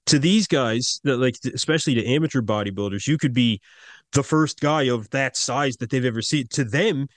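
A man hosting a bodybuilding interview, asking questions and encouraging his guest with quick agreement. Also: medium pitch, dry recording. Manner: encouraging, frequent yeah yeah backchannels. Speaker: podcast host.

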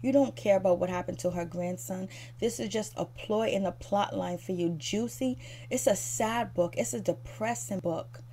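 A woman's voice: on the low side, normal speed, hardly any pauses, dark tone, a little hiss or hum. Woman ranting in a fired-up recap. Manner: fired-up, critical, talks straight to the cast; repeats fillers like "so anyways" and "you know". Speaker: reality TV recap vlogger.

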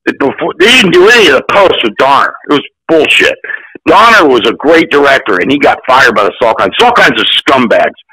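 A man in his sixties, an actor guest, telling profane, animated stories in casual chat. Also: medium pitch, fairly quick, breathy edge, dry recording, rough recording. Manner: profane, animated, acts out quotes. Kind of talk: casual storytelling.

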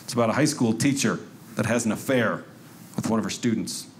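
A man's voice: lowish voice, a little fast. Guy telling a standup story, chatty, some background noise. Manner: conversational storytelling, acting out quotes. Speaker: stand-up comedian. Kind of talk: stand-up comedy routine.

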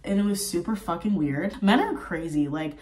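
A woman in her twenties telling a storytime in a casual travel vlog, animated and profane, full of fillers and a bit sick with a cough. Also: fairly low pitch, moderate pace, recorded from a distance, a little hiss or hum. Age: 20s. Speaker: vlogger.

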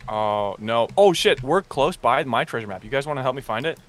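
A man chatting casually while playing a game with friends, boisterous and loud at times. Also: animated, a little fast. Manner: boisterous, big swings of pitch. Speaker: game guest. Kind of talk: casual gaming chat.

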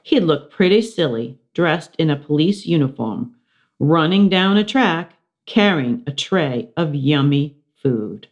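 A woman reading a children's chapter book aloud, giving the characters expressive voices. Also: low-pitched, a little slow, lo-fi sound. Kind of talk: children's storybook read-aloud.

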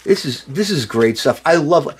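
A tipsy middle-aged man rambling excitedly in a casual video monologue, swearing and breaking into loud outbursts. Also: on the high side, normal speed, husky. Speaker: former band member showing a reissued album.

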